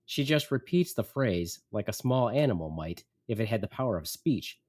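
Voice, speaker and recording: Animated male storyteller, lively pitch. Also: normal speed. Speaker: podcast host. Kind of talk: storytelling, casual chat.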